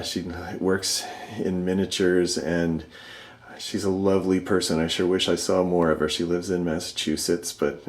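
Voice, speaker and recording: A middle-aged man walking through his house, fondly describing his art with many pauses and fillers, his voice dropping softly at the end of thoughts. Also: low voice, a little hiss or hum. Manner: warm, fond, many fillers, trails off softly at ends of thoughts. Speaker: vlogger giving a home art tour. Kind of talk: casual home tour narration. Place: inside his house, moving through rooms.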